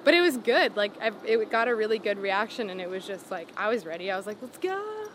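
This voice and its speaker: A young woman, a singer-songwriter, telling her story in a casual interview, full of "like" and "um" and animated retellings. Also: medium pitch, fast, a little hiss or hum. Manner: rambling, lots of "like" and "um", animated retelling.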